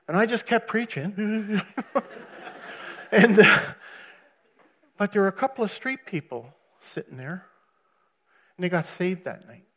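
A man's voice: a little high, a bit bright. A man giving a personal church testimony, telling his story earnestly with restarts and laughs.

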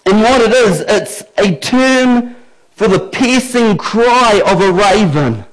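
Male preacher, high voice, slow and emphatic sermon delivery. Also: expressive, rough recording. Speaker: pastor.

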